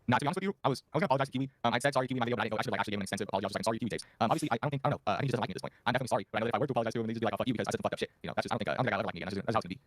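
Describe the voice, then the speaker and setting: A man's voice: mid-range voice, very fast, few pauses, no echo. A man answering interview questions in a rambling, hesitant, apologetic way. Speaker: interview guest.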